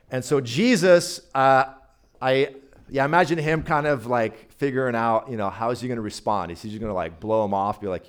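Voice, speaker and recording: A man preaching as a guest speaker in a loose, conversational way. He keeps turning to the congregation with questions, in a playful tone. His voice sits at an ordinary middle pitch. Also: animated, normal speed, smooth. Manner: chatty, playful, talks directly to the audience. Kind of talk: casual sermon.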